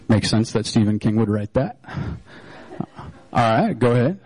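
A man's voice: medium pitch, expressive, moderate pace, long pauses, darkish tone, dry recording, low-quality recording. A male pastor preaching a sermon in a loose, joking storytelling way, with many fillers and restarts.

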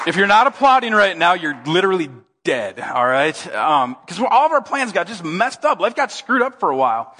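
A man preaching as pastor, telling a joke in an animated, playful way before his sermon. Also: high voice, brisk, in a large hall, a faint crowd. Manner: joking, animated storyteller. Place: church sanctuary.

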